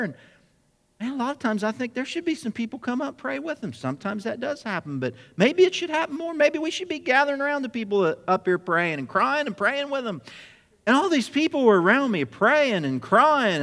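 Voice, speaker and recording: A man preaching a sermon, telling a personal story with lively acted-out dialogue. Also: very high voice, vocal fry, long reverb tail. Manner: animated storyteller acting out dialogue. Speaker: pastor.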